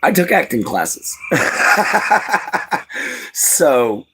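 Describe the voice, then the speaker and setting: A man's voice: medium pitch, big pitch swings, extremely slow, husky. A tired man from Louisiana with a light Cajun accent, chatting casually and folksily as a live-stream host, rambling with lots of fillers. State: tired from lack of sleep.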